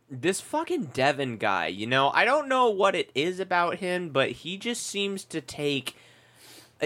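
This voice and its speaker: A man hosting a casual group podcast chat, joking and swearing freely. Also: on the high side. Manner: joking, profane, animated. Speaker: podcast host.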